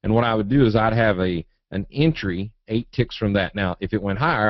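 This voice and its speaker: The sound is dry and muffled webinar audio with no echo, carrying a fairly low, fairly quick male voice. He's a trading educator from Eastern Kentucky with a Southern accent, joking in a folksy way as he reads viewer questions and answers them live.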